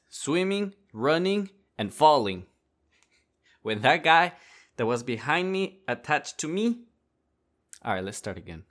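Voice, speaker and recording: A man hosting a podcast who tells a personal story in a casual, animated way and laughs often as he talks. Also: mid-range voice. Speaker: podcast host.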